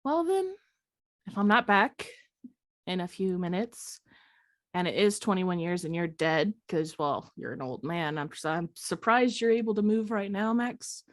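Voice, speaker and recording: A woman's voice: medium pitch, lively intonation, measured pace, lightly acted. A woman playing a teasing young adventurer.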